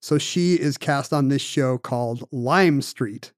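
A man's voice: medium pitch, dry recording, clean studio sound. Man telling a story on a podcast. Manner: animated storyteller, fast bursts. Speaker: podcast co-host. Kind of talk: casual chat, storytelling.

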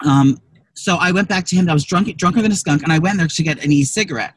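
A man co-hosting a comedy podcast, rambling through crude stories with loud, profane rants. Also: high voice, fast talker, breathy edge, dry recording. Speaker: podcast co-host. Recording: distant from the mic.

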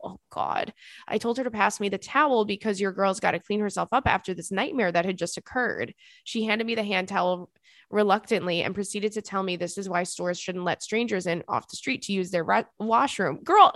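A young woman hosting a podcast, reading listener emails aloud and reacting with sassy, animated commentary. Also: medium pitch, dry recording. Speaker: podcast host.

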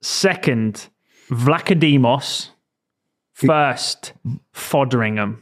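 A man co-hosting a football podcast, quizzing the others in quick, lively chat and laughing often. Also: medium pitch. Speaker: podcast co-host. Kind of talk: casual chat.

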